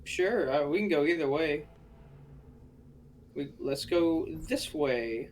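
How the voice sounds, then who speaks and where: A man's voice: on the high side, expressive, slow pace, darkish tone, slight background noise, rough recording. A man playing a tabletop game, easygoing and casual. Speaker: player.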